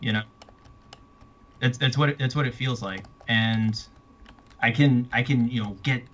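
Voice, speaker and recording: A man's voice: mid-range voice, highs cut off, a little hiss or hum. A man, an author, chatting casually about his books and readers, stumbling and restarting often. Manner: halting, many restarts and fillers. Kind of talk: casual chat.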